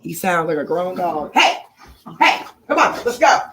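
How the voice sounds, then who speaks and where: A woman's voice: fairly low pitch, very animated, moderate pace, fairly bright tone, slight background noise. A woman hosting a casual live chat from her bedroom at home, stopping often to scold and coo at her puppies. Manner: chatty, scolding her puppies mid-talk. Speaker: live stream host. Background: puppies moving about.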